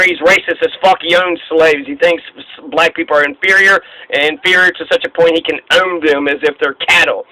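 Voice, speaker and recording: Brief: man, fairly high bright voice, sarcastic, swears freely, dry close sound. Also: dry recording, low-quality recording. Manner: blunt, profane, sarcastic. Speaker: history lecturer. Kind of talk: informal history talk.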